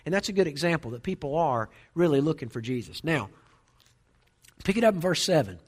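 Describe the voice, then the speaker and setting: Male pastor, middle-aged, fast and a bit high-voiced, chatty sermon storyteller. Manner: conversational preaching with storytelling asides.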